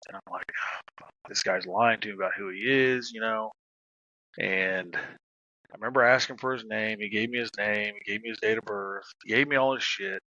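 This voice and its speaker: A man's voice: fairly low pitch, moderate pace, bright, forceful tone, no room sound, muffled recording. A middle-aged man and former police officer, casually telling stories on a podcast, laughing and swearing as he goes. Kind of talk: casual storytelling.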